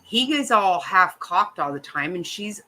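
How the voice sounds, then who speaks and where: A woman's voice: medium pitch, animated, a little slow, sharp tone, rough recording. A middle-aged woman hosting a casual chat, ranting bluntly and swearing often. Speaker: host.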